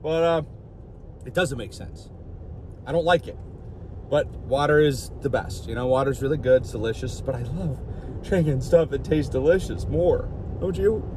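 A man's voice: medium pitch, moderate pace, background noise. A man vlogging in a rambling, jokey way, outdoors by a street. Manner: rambling, jokey, puts on silly voices. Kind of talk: rambling casual vlog.

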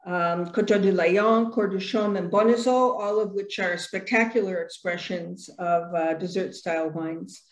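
A woman's voice: fairly low pitch, fairly even intonation, a little slow, few pauses, roomy sound. A woman co-presenting an online wine seminar as a master sommelier, enthusiastic and talky with lots of "you know". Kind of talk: casual seminar presenting over video call.

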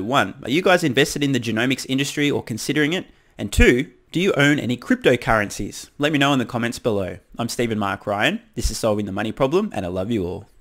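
A man's voice: mid-range voice, a bit bright. A man hosting his own channel, commenting on interview clips in a sarcastic, ranting, emphatic way. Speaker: channel host.

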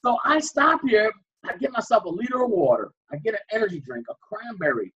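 A man, a guest on an interview show, recounting a dramatic personal story with vivid, animated reenactments. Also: extremely high pitch, a little fast, vocal fry, breathy edge, lo-fi sound.

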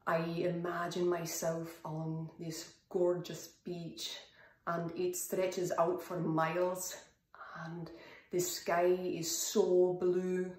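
A woman doing a put-on Scottish accent while slowly narrating a calm beach visualization. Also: on the low side, echoey room. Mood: dreamy. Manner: slow, dreamy visualization.

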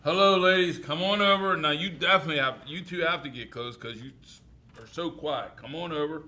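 Bright-voiced joking man teacher. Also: a little high, a little fast. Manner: jokey, repeats students' answers loudly. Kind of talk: classroom interviews with students. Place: classroom.

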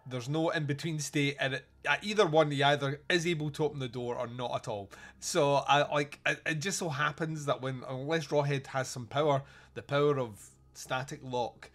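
A man's voice: fairly high pitch, steady tone, moderate pace, a bit bright. A man hosting a podcast, recapping a movie in casual chat, joking and laughing often. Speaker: podcast host.

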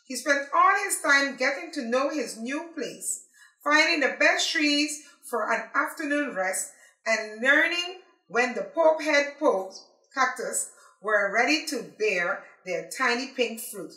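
A woman reading a children's picture book aloud as a library storyteller, in an expressive, animated way. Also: sits high, slow, reverberant, rough recording.

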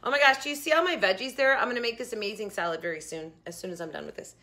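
Chatty young woman, food vlogger at home, slightly high and bright, rambling asides. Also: racing. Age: young adult. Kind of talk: casual chat. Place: home kitchen.

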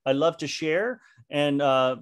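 A man leading a live online training session over a video call. He talks in an animated way, with frequent fillers and restarts. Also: fairly high pitch, slow, clear, resonant tone. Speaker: leadership trainer.

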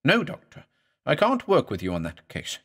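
A terrified woman nurse whose pleas come out halting and stammering, as a male narrator puts her on. The voice climbs high and lively with fear. It trembles at the edge of tears. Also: full character voice. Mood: frightened.

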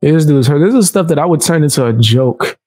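A man's voice: fairly high pitch, lively intonation, fast talker, darkish tone, breathy edge, dry recording. A man casually reacting to a video clip, talking back to it with slang and jokes.

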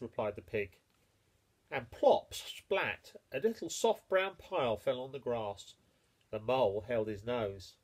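A man reading a children's picture book aloud, expressive and playful with the sound words. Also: medium pitch, slow, husky. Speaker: storyteller.

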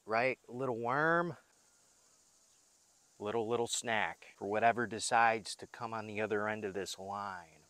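A man's voice: medium pitch, a bit bright, dry recording. A young man hosting a fishing vlog, joking and rambling to his viewers while he fishes by a river at night. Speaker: fishing vlogger. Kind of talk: casual vlog narration.

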